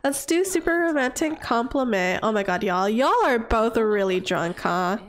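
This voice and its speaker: A young woman hosting a gameplay channel, commenting on a life-sim game in a gushing, excitable and giggly way. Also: a little high, normal speed. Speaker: gaming channel host.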